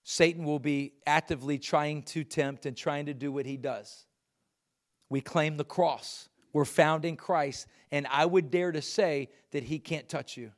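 A middle-aged male pastor preaching a sermon, reading scripture and building to loud, emphatic points. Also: a little high, steady tone, a little slow.

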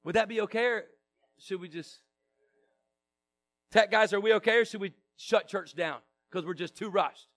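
A pastor with a notably high voice for a man leads a church service, reading scripture at length. He mixes the formal reading with relaxed, joking remarks to the people in the room. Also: normal speed, pauses often. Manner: casual, joking asides to the congregation. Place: church sanctuary.

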